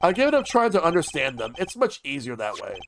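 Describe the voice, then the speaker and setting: A man's voice: fairly high pitch, huge pitch swings, fast talker, slight background noise. A man streaming a visual novel game, reading the dialogue aloud and voicing each character, with casual asides.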